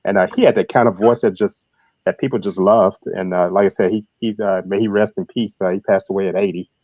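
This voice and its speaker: A man from Louisiana with a deep, clear broadcasting voice, chatting on a podcast panel and often repeating words with fillers. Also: steady tone, brisk, warm tone, dry recording, lo-fi sound. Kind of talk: casual panel chat.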